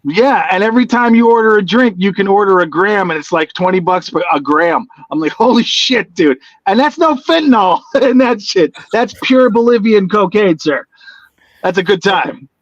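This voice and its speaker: A man's voice: high-pitched, lively intonation, normal speed, no room sound, dull audio. A man who is a stand-up comedian, chatting as a guest in a laid-back way, laughing often and agreeing with "yeah". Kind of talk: casual chat.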